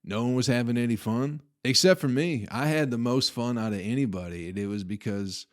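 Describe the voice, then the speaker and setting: A man's voice: medium pitch, a little fast. A young man hosting a podcast, casually telling a profane, laughing story about a party. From Flint, Michigan. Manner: profane, laughing, animated retelling. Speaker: podcast host.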